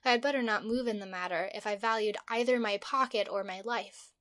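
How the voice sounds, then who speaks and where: A woman's voice: medium pitch, fairly quick, a bit bright. A woman narrating a first-person diary with a dramatic, mock-heroic delivery. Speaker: audiobook narrator.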